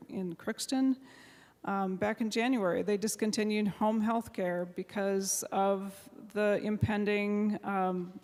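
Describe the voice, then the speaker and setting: A state senator presents a bill in a floor speech, speaking haltingly with many fillers and restarts, and is moved to tears near the end. Her mid-range voice has a darkish tone. The floor mic in the large legislative chamber picks up heavy reverberation.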